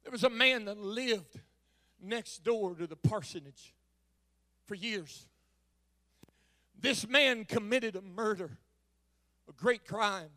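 A man preaching a sermon. He tells stories in a low voice, repeats words as he starts phrases, and builds up to shouting. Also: slow pace, pauses often.

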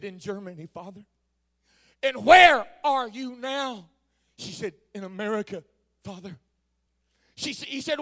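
A preacher with a high, gravelly voice that has a bright, sharp edge. He tells stories in a hushed voice, stumbling over the first words of his phrases, then climbs into shouted, fiery preaching. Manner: builds from quiet storytelling to shouted preaching; repeats words when starting phrases. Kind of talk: sermon.

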